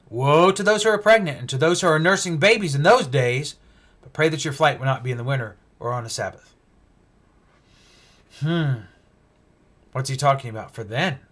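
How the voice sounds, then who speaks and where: Bright, high-voiced emphatic male preacher. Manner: emphatic, with rhetorical questions, swinging from loud to hushed. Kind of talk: sermon-style Bible teaching.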